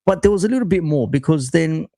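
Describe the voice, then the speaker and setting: A man co-hosting a live football stream, calmly explaining and framing a clip for viewers. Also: on the high side, no room sound. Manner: measured, explanatory. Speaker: co-host commentator.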